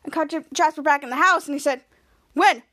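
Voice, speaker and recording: A woman hosting a podcast, retelling an episode scene by scene in a casual, rambling way. Her voice is very high, and she often stops and restarts her sentences. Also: steady tone, fast talker, pushed and bright. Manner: rambling, self-correcting retelling. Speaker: podcast host.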